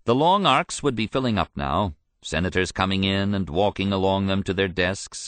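Measured male narrator for nonfiction audiobook, low voice, dry close sound. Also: a bit bright, no echo. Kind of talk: scripted narration.

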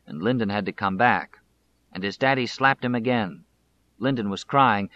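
A man narrating a biography as an audiobook in a measured, deliberate way. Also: lowish voice, a bit bright, no echo, lo-fi sound.

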